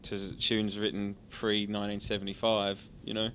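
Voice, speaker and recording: A man's voice: lowish voice, monotone, moderate pace, fairly bright tone, a little hiss or hum. An Australian man in a band, talking in a laid-back, sleepy way in an interview. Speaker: band member. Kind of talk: casual interview.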